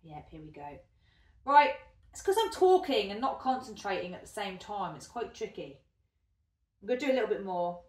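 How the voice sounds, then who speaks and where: A woman's voice: medium pitch, sing-song, normal speed, darkish tone. Chatty woman, echoey distant room. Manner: chatty, self-deprecating, thinking aloud while working. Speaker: hobby spinner vlogger. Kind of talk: casual craft vlog narration while spinning. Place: indoor room at a spinning wheel.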